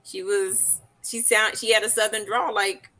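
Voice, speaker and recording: A woman co-hosting a live chat show, talking in a relaxed way with plenty of fillers. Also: mid-range voice, measured pace. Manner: relaxed, laughing, loose with fillers. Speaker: co-host. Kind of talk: casual chat.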